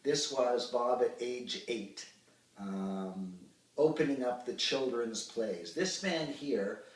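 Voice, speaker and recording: A man in his sixties, an actor telling expressive anecdotes with hesitant fillers in an interview. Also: medium pitch, slow pace. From Ottawa, Canada. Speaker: actor and puppeteer, interview guest. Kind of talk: reminiscing interview. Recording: roomy sound, distant from the mic.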